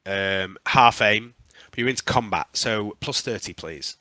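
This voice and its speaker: A man running a tabletop game as game master, narrating with frequent um pauses. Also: fairly low pitch, bright, forceful tone, dry recording.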